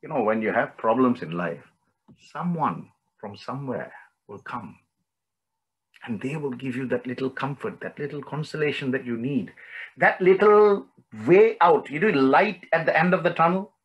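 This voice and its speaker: A man's voice: mid-range voice, normal speed, poor audio. A man teaching a devotional scripture lesson, telling the story conversationally and often asking his listeners questions. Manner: conversational, frequent questions to the audience. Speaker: spiritual study teacher.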